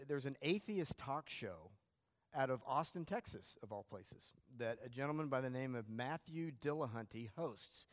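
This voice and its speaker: A man teaching a church class, telling anecdotes in a self-deprecating, conversational way. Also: medium pitch. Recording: long hall reverb.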